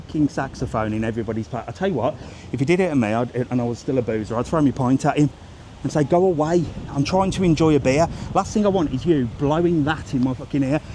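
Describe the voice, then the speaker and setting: A man's voice: medium pitch, a little mellow, a little hiss or hum. A blunt, sweary man, chatting casually as he walks a seaside street for his travel vlog, filmed on a handheld phone. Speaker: travel vlogger. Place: outdoors on a windy seaside street.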